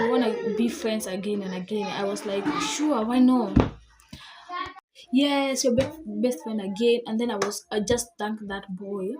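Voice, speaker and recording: A woman's voice: mid-range voice, heavy background noise. A young girl telling a storytime vlog, retelling an argument indignantly, full of "I was like". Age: child. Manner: chatty, indignant retelling with many "I was like" quotes. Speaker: vlogger.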